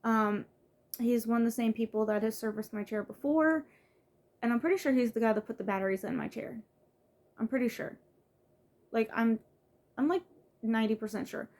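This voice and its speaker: A woman's voice: a little high, normal speed, pauses often, darkish tone. A young woman from the United States venting in a casual vlog, frustrated, with many fillers and restarts. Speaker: vlogger. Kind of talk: casual vlog rant to camera.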